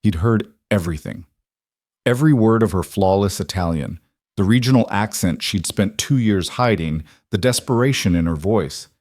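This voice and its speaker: A man reading a story aloud in a measured, even way. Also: fairly low pitch, dry recording, clean studio sound. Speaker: narrator. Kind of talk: scripted story narration.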